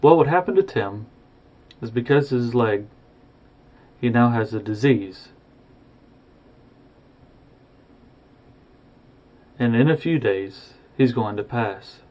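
A man voicing a calm, matter-of-fact spirit guide who plainly explains, on a dull lo-fi recording. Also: mid-range voice, a little slow, lightly acted. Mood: explaining.

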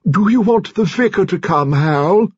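A stout, imperious old lady who pants between her words, her voice pitched high and lively, as a male narrator puts her on. There is a husky grain to it, and the slightly muffled recording is dry and close. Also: a little slow, no room sound, exaggerated voice. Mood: tender. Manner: short of breath, panting. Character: imperious stout elderly titled woman, sardonic.

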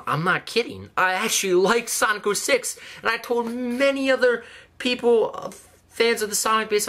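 A man's voice: high-pitched, bright, forceful tone. A man hosting a reaction video, talking casually in a sarcastic, mocking way and swearing freely.

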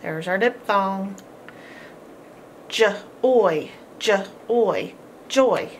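A woman teaches a homeschool phonics lesson at an extremely slow pace, stretching and repeating each sound. She praises the listener warmly between words. A faint background hiss runs under her voice. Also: mid-range voice.

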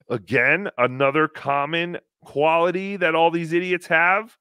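A man hosting a podcast, talking casually with an animated, sarcastic delivery. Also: on the high side, takes it slowly, smooth, no echo, studio quality. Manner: animated, sarcastic, mocks with impressions. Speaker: podcast host. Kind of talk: mocking casual chat.

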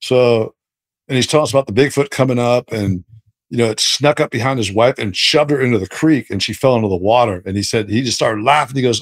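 A man as a podcast guest telling a story casually, animated and rambling with many restarts. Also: mid-range voice, fast, no echo.

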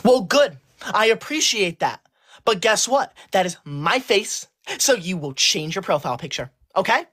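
A prim, rule-obsessed teacher's pet, played by a woman on a livestream, scolding in stiff, formal and deliberate sentences. Her voice sits at a middling height and swoops up and down with lively emphasis, and she takes offense easily. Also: mid-range voice. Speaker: livestream host. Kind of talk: comic role-play on a livestream.

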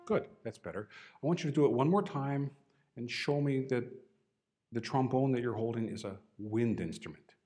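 A man's voice: mid-range voice, lively intonation, normal speed, dark tone, soft background music. A man teaching a trombone masterclass, coaching a student with short, encouraging cues and dry humor.

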